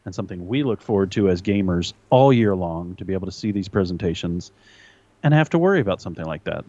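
A man with a fairly low voice co-hosts a casual podcast, earnest and prone to stumbling restarts when he presses a point. The audio sounds a bit muffled and lo-fi. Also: darkish tone, no echo. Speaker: podcast co-host. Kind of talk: casual chat.

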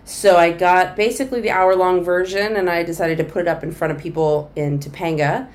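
Animated storytelling woman, fairly low voice. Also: fairly quick. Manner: animated, acts out quoted voices. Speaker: comedian. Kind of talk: storytelling in a conversational interview.

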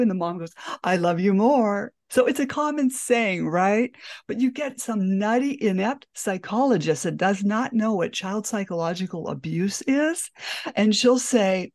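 A woman's voice: mid-range voice, normal speed, darkish tone. A woman hosting a podcast interview, sharing chatty anecdotes. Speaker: podcast host. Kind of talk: conversational interview.

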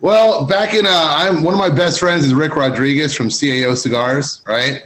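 Laid-back slangy man, higher voice. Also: normal speed, fairly bright tone, poor audio. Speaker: guest cigar journalist. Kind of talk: casual podcast chat.

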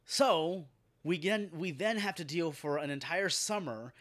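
A man hosting a podcast, ranting in an animated, profane and exasperated way. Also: on the high side, unhurried. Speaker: podcast host. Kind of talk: casual podcast rant.

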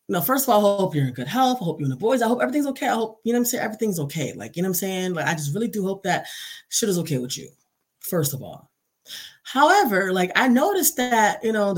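A young woman hosts her own podcast and talks straight to the listener in a loose, rambling monologue full of profanity. Her voice is husky with a slightly rough edge, and it sits at an ordinary middle pitch for a woman. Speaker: podcast host.

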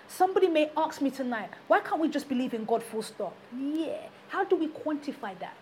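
High-voiced woman preaching emphatically. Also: lively intonation, normal speed, hardly any pauses, darkish tone, slight background noise. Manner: emphatic, repeating rhetorical questions to the congregation. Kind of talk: sermon.

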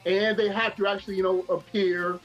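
A man with a high voice joins remotely, talking in a hesitant, stumbling way. His audio is dull and lo-fi, cutting in and out, with faint music behind. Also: little pitch movement, brisk, a bit bright. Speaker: returning contestant. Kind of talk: casual chat on a call.

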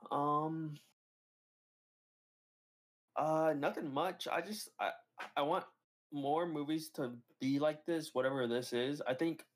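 A man co-hosting a podcast in casual chat, enthusiastic and talking in quick bursts. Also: a little high, fairly even intonation. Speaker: podcast co-host.

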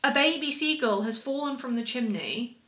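A woman co-hosting a podcast, telling a story in rambling, animated casual chat. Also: on the high side, normal speed. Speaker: podcast co-host.

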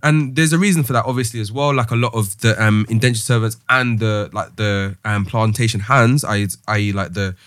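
Thoughtful low-voiced man, dry mic. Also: fairly even intonation, brisk, few pauses, a bit bright, no room sound. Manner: thoughtful, hesitant, many ums and restarts. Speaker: podcast host. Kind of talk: casual discussion.

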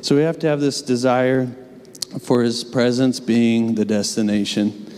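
This young adult man is a pastor giving a sermon in a church, earnest and conversational with the occasional casual aside. He speaks unhurriedly with fairly even intonation, his mid-range voice clear, resonant and a little mellow. The recording has a long church reverb.

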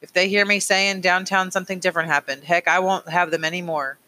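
A man reading an audiobook, voicing a steady, principled middle-aged father who speaks earnestly and firmly. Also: sits high, a little fast. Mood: pleading. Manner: earnest, pleading, firm.

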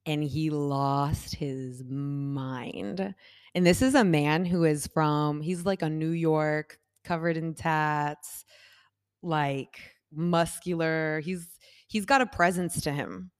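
Woman, casual storytelling, slightly low voice, dry close sound, animated, acts out quotes, lots of "like". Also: slow pace, smooth, dry recording. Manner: animated, acts out quoted voices with big shifts in pitch and loudness; talks with many fillers like "like" and "I'm like". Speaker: guest telling a personal story.

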